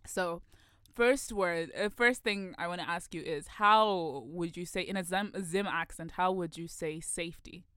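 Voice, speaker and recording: A woman's voice: fairly low pitch, a little slow, fairly bright tone, clear, resonant tone, no echo, clean studio sound. A young woman co-hosting a casual chat, rambling with many "like"s and self-corrections. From Zimbabwe. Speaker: podcast co-host.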